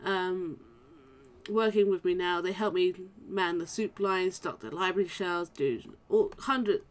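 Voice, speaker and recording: A woman with a fairly low, natural voice reads at a measured pace, voicing a kind, earnest male orc who does charity work in a video game. Her delivery of the dialogue is formal and earnest.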